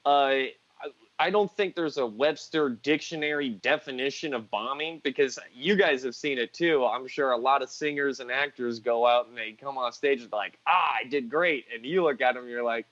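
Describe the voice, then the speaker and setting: A man's voice: mid-range voice, normal speed, fairly bright tone, no echo, dull audio. A man chatting as a guest comedian on a video call, joking and rambling through self-deprecating stories. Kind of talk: casual chat on a live stream.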